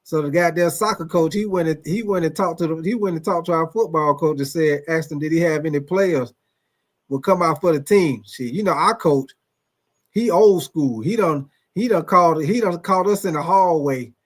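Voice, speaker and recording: A man hosts a casual sports live stream, his voice sitting a bit high for a man. He rambles through profane stories and calls out his viewers by name as he goes. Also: normal speed. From Atlanta, USA. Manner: profane, loose storytelling, addresses viewers by name. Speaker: sports livestream host.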